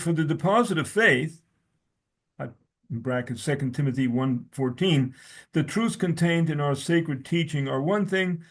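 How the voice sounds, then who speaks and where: A man with a fairly high-pitched voice speaks as a guest scholar in conversation. He reads passages from his own essay aloud and quotes sources at length. He often stutters and restarts his sentences.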